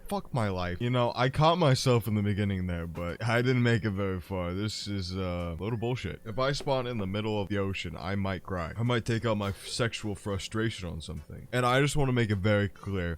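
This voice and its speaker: A young man giving crude, joking commentary over his own gameplay, brash and prone to excited outbursts. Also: on the low side, moderate pace, few pauses. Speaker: gaming YouTuber.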